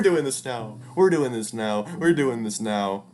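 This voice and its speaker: A woman with a low voice and lively, swooping pitch gives a slow, profane commentary on a game. She jumps into high squeals and nervous rambling. Game music plays clearly behind her. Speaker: streamer playing a visual novel. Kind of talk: let's-play commentary.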